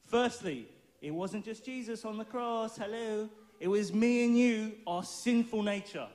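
Male preacher, high voice, playful and jokey, informal sermon delivery. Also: measured pace, darkish tone. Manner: playful, jokey, laughs often.

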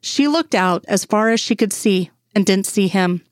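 A woman reading fan fiction aloud in a steady, even storytelling manner. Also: medium pitch, moderate pace, dry recording, clean studio sound. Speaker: audiobook reader. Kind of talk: scripted narration of fan fiction.

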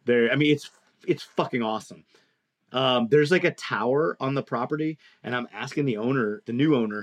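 A man telling a long story in casual chat, animated and profane, acting out the people he quotes. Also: medium pitch, fairly quick. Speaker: podcast co-host telling a story.

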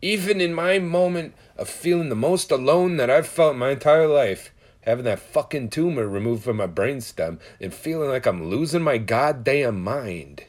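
A man's voice: mid-range voice, lively intonation, moderate pace, hardly any pauses. A man talking in a casual, profane, rambling monologue, telling stories and musing loosely. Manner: profane, storytelling, loose and conversational.

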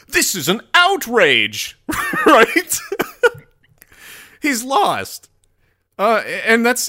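A man's voice: on the high side, bright, forceful tone. A man giving casual, profane commentary while scrolling through posts, rambling and mocking.

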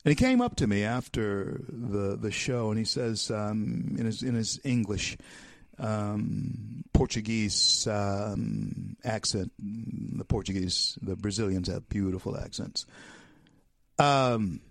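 A man hosting a talk show, giving a political commentary monologue in a preacher-like way that builds to loud, emphatic peaks and calls his listeners folks. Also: on the low side, animated, slow, creaky, no room sound, clean studio sound. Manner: addresses listeners as folks and my friends.

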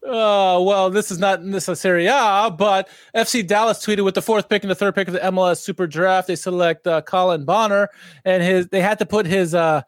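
High-voiced laughing podcast host. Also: male voice, fairly even intonation, a little fast, no echo, studio quality. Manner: laughs often, reads out tweets. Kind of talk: casual chat.

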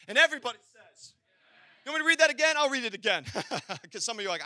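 Pastor, male, very high and bright voice, passionate sermon, dry sound, soft music under. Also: animated, quick pace, no echo. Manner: passionate, swings between loud and quiet. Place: church hall.

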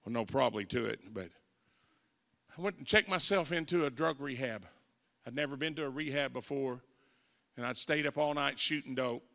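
This testimony sermon comes from a Southern-accented evangelist in his forties who voices the characters in his story. His mid-range voice is gravelly and sharp at a moderate pace, and the church sanctuary gives the recording a reverberant sound.

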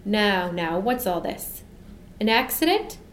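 A woman reading aloud plays a blustering middle-aged policeman in a storybook, loud and bossy. The voice echoes in a roomy space with a faint hum behind it. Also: medium pitch, big pitch swings, slow. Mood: angry.

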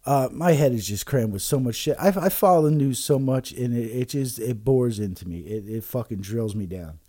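Profane rambling man, dark dry voice. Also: medium pitch, expressive, moderate pace, no echo. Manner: profane, rambling, many fillers and restarts. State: drinking shots while talking. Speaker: podcast host. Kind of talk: casual rambling monologue.

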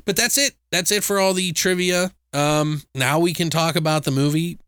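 Man, casual podcast co-host, lively retelling, swears a bit, dry close mic. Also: normal speed, clear, resonant tone, no echo. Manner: animated retelling, jumps into high-pitched impressions of characters. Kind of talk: casual movie review chat.

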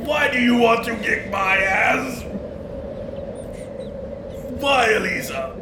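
A man putting on a brash, shouting voice for the ghost of an old male poet who taunts and challenges a friend to fight. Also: very high voice, slow pace, reverberant, recorded from a distance, background noise, pitched above the performer's own voice. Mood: belligerent. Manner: shouting, taunting, breathless bluster.

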